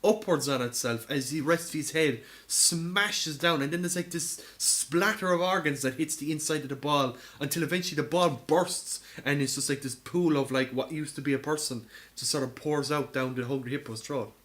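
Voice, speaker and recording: A man co-hosting a podcast in casual chat, spinning an excitable, profane story. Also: on the high side, moderate pace, hardly any pauses. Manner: animated, excitable storytelling with lots of swearing. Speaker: podcast co-host.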